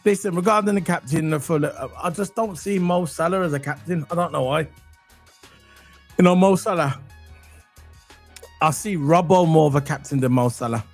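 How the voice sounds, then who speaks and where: A man's voice: a little high, normal speed, long pauses, soft background music. A man from Wales, co-hosting a casual football livestream and chatting in a rambling way straight to his viewers.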